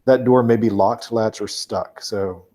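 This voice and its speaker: A man narrating a tabletop role-playing game as game master, talking haltingly with fillers and restarts. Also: lowish voice, steady tone, mellow.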